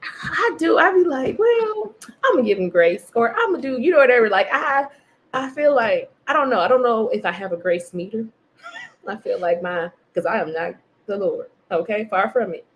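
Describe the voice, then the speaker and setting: A woman's voice: a little high, moderate pace. A woman hosting a faith podcast, chatting casually and self-mockingly while reading from a devotional. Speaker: podcast host.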